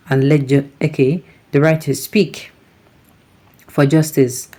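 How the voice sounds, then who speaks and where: A man's voice: fairly high pitch, little pitch movement, takes it slowly, long pauses, warm tone. A Nigerian man hosting a news commentary show, reading out viewer comments and adding his own remarks, often slipping into Pidgin asides.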